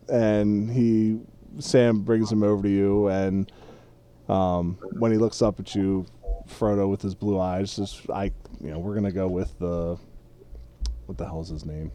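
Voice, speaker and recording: A man's voice: lowish voice, level tone, unhurried, mellow. Laid-back man running a tabletop game. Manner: casual, rambling narration with fillers. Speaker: game master.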